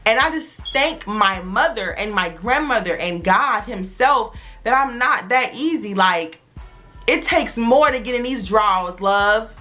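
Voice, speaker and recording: A young woman from the Chicago area telling a personal story on her vlog in casual slang, acting out the other people in a lowered voice. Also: animated, unhurried, pushed and bright, soft background music. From Chicago area, USA.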